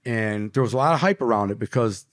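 A man's voice: mid-range voice, lively intonation, fast talker, no echo, studio quality. A man, a podcast guest and author, telling his story in an emotional, vivid, casual way, full of slang like dude and bro. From Detroit, USA.

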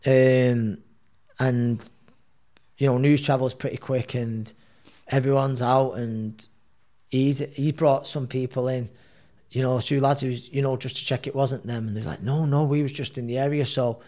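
A man's voice: mid-range voice, fairly even intonation, unhurried, dark tone. A man, a professional boxer, telling a personal story in a casual, rambling way and acting out what people said. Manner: rambling, re-enacts dialogue.

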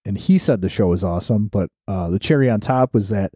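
A male podcast host with a mellow, dark voice speaks in a wry, deadpan way. His pitch still moves a lot, and the sound is dry and close. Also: brisk, no echo. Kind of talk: casual chat.

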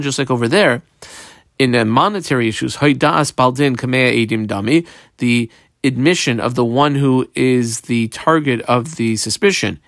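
A man teaches a Talmud class, voice gravelly and full of lively rises and falls. He explains the text phrase by phrase as he marks it up. The sound is close and dry. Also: medium pitch, no room sound. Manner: translates line by line, marking up the text as he goes. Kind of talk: daf yomi Talmud class.

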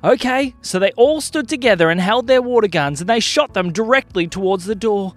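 A man narrating a children's story in a lively, playful way. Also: high-pitched, fairly quick, soft background music. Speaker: podcast storyteller.

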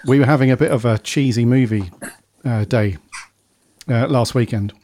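A man's voice: medium pitch, normal speed, warm tone. A man hosting a casual podcast panel chat, talking loosely and drifting into tangents. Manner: chatty, rambling off on tangents. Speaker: podcast host.

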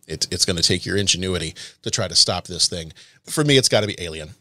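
A man's voice: deep voice, lively intonation, fast talker, bright, forceful tone, no room sound. A man on a movie podcast, giving his pick in a casual, enthusiastic way with frequent restarts. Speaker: podcast co-host. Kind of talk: casual recorded opinion segment.

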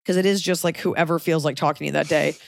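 A woman hosting a podcast, chatting casually with frank, profane, animated storytelling. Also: low-pitched, fast, gravelly. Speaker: podcast host.

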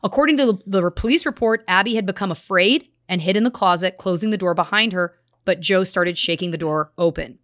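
A woman's voice: fairly low pitch, brisk, hardly any pauses, a bit bright, no echo, clean studio sound. A woman co-hosting a true crime podcast, reading case details with earnest, grave emphasis. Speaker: podcast co-host.

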